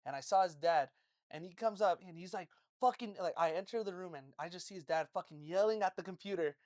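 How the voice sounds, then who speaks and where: A man's voice: high-pitched, quick pace, a little mellow, dry recording, studio quality. Laughing, swearing man telling stories. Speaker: podcast co-host. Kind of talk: casual chat.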